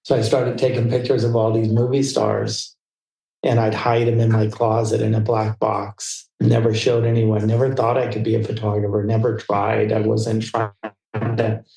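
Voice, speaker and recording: A man guest in an interview, telling a personal story in fast, tumbling anecdotes full of restarts. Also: lowish voice, little pitch movement, vocal fry, dark tone. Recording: roomy echo.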